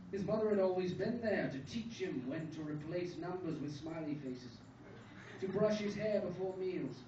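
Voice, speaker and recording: A young man reads his absurd short story aloud with deadpan dryness, at a fairly high pitch. He is heard from a distance in an echoey coffee house, with café noise behind him. The recording is dull and lo-fi. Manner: deadpan, dryly absurd delivery. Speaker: student reader. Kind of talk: reading his own comic short story at an open mic. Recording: echoey room from far off, dull and noisy. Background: café room ambience.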